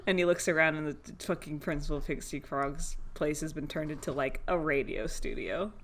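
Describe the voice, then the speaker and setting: A woman's voice: deep voice, moderate pace, few pauses, sharp tone. A woman co-hosting a podcast, chatting casually and giggling as she recaps a cartoon episode and acts out the characters' lines. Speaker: podcast co-host.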